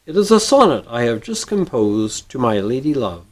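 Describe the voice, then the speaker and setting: A man voicing a slim, refined young male dandy who speaks gently in a storybook reading. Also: medium pitch, very animated, normal speed. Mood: gentle.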